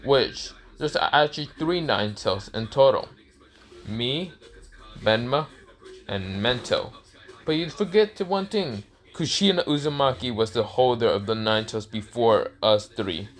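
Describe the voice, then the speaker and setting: A man's voice: medium pitch, expressive, unhurried, natural voice. A man doing a cold, taunting young ninja.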